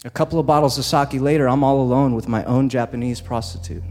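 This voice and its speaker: A man telling a personal story live on stage, slow and deliberate with dramatic pauses. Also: mid-range voice, fairly even intonation. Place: stage before a live audience. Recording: long reverb in a live hall, soft guitar behind.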